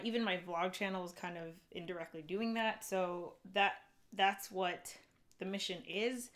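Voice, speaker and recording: Young woman vlogger, slightly low voice, loose rambling live-stream chat. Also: a bit bright. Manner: chatty, rambling with fillers and restarts.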